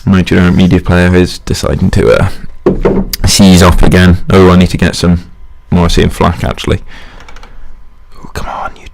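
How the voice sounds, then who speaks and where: A young Englishman talks alone in a loose, meandering monologue. His voice sits very low, with a gravelly, fry-laden edge. He drifts between random facts and jabs at himself, chuckling at his own asides. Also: completely flat delivery, fairly quick, noisy background. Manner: rambling, self-mocking, chuckles at own jokes. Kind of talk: rambling casual monologue.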